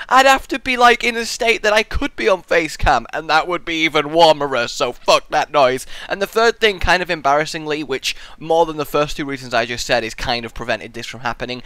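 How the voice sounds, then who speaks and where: A young man hosting a viewer question show in casual chat, rambling and goofy with sudden loud outbursts, sleep-deprived and muddled. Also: mid-range voice, clear, resonant tone, dry recording. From England. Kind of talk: casual audio-only chat. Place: hot room at home.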